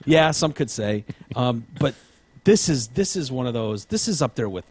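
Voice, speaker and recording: A man's voice: mid-range voice, expressive, moderate pace, breathy edge, dry recording. A man hosting a podcast in casual chat, rambling and hedging with plenty of ums. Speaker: podcast host.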